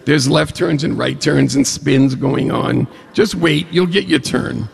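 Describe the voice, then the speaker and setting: A man telling a humorous personal story to an audience, animated, jumping up in pitch when he quotes dialogue. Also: measured pace, gravelly, slightly rough. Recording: long hall reverb.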